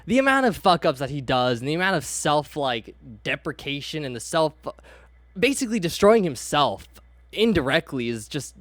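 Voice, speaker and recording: Brief: excitable cursing male co-host, dry close mic. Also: fairly high pitch, moderate pace, dry recording. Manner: animated, profane. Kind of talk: casual stream chat.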